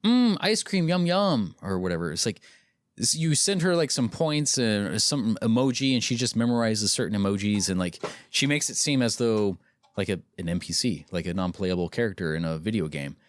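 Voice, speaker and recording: A man's voice: lowish voice, brisk, no echo. A man hosting a casual podcast with friends, ranting bluntly and with exasperation, swearing freely. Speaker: podcast host.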